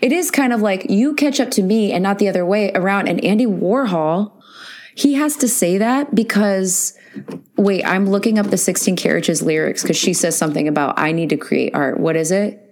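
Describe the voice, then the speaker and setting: A woman co-hosting a podcast in casual chat, excitable and laughing through her words. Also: medium pitch, normal speed. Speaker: podcast co-host.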